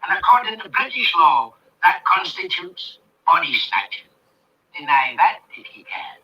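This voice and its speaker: An actor playing a pompous, litigious older country gentleman who rolls his r's, in 1930s film acting. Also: high-pitched, sing-song, normal speed, heavily acted. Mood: indignant. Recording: distant old film soundtrack, faint hiss.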